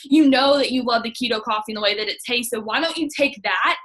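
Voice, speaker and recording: A young woman talks in a casual coaching style, chatty and upbeat, full of fillers. Her voice sits a little high and sounds bright and sharp. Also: quick pace. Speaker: direct sales team leader.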